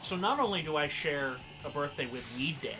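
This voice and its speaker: A man's voice: a little high, animated, fairly quick. A man co-hosting a casual gaming chat show, joking and laughing as he rambles. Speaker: podcast co-host. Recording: music playing behind.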